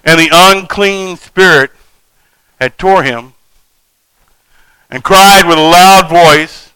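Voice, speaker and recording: A male preacher reads scripture aloud and breaks off into folksy, humorous asides. His voice is bright and clear, and it sits somewhat high for a man. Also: slow pace, pauses often, no room sound, poor audio. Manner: folksy, jokey asides between scripture reading. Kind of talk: sermon.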